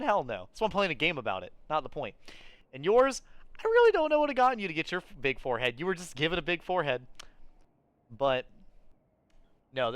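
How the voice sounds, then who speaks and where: A man's voice: on the high side, fairly bright tone, smooth, no echo. A young man giving casual, joking gameplay commentary, laughing often and swearing freely. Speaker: gaming commentator.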